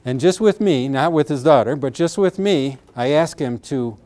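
A man's voice: fairly high pitch, lively intonation, normal speed, a little mellow. Earnest man explaining pain therapy. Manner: earnest, re-enacts patients' words with emotion. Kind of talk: explanatory talk with acted patient quotes.

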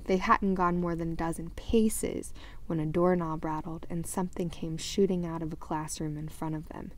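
Woman audiobook reader, low, mellow, animated storytelling. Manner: lively read-aloud with small slips corrected. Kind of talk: storybook read-aloud narration.

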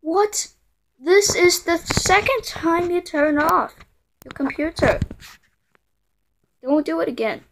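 A woman voicing a quick-tempered female computer error that scolds the user, threatening and stammering as she goes. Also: extremely high pitch, lively intonation, gravelly, slight background noise, exaggerated voice. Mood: angry scolding.

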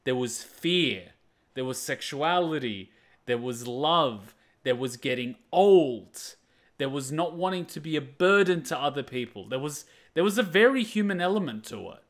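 A man's voice: a little high, expressive, normal speed. A man hosting a reaction video, talking casually and earnestly about an episode in short repeated phrases.

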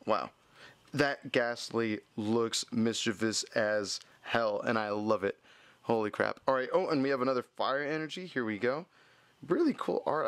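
Young male vlogger, excitable and gushing, dry close sound. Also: medium pitch, dry recording. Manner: excitable, gushing, laughs often. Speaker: YouTube host opening card packs. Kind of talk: casual vlog commentary.

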